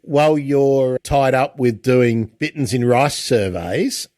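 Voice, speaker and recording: A man hosting a casual interview, chatty, with lots of halting restarts. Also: medium pitch, darkish tone, no echo. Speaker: podcast host.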